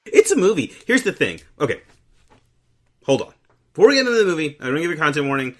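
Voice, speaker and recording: A man hosting a casual comedy podcast, animated and quick to laugh, often stumbling over his words. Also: a little high. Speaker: podcast host.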